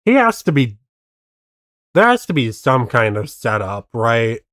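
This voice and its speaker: Skeptical guy streamer reacting to a clip, talks slow, dry close mic. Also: medium pitch, big pitch swings, a bit bright, no room sound. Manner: skeptical, picks apart tricks. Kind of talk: casual reaction commentary.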